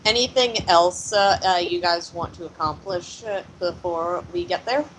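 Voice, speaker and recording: A woman narrating as game master of a tabletop role-playing session, relaxed and unhurried. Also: on the low side, a little hiss or hum, poor audio.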